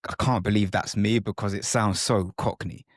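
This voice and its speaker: A man's voice: fairly low pitch, steady tone, normal speed, dry recording, studio quality. Thoughtful man hosting a podcast. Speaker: podcast host. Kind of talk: conversational podcast interview.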